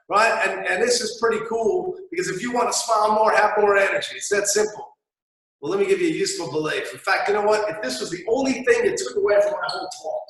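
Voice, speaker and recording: A man giving an energetic motivational talk, emphatic and often checking in with "right?". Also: on the high side, distant mic. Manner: emphatic, repeats "right?" often, acts out imagined listeners. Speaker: motivational speaker. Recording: echoey room, speaker away from mic.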